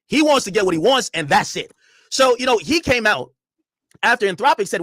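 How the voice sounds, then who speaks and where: A man hosting a casual talk show, commenting on the news in an animated, profane way and acting out quotes. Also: sits high, brisk, dry recording. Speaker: show host.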